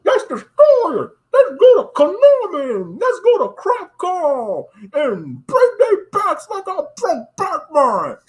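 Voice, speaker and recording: Brief: menacing masked male movie villain, voiced by a man, booming and shouted, pitched high, slow and drawn out. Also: huge pitch swings, full character voice.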